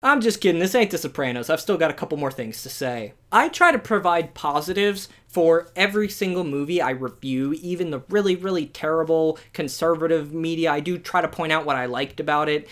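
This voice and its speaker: A young adult movie reviewer giving a ranting, sarcastic video review, firing off rhetorical questions with animated exasperation. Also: medium pitch, a little fast, hardly any pauses.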